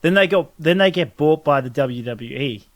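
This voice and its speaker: Man, high voice, podcast co-host, casual chat, animated storyteller, laughs a lot. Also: moderate pace, a crowd in the background.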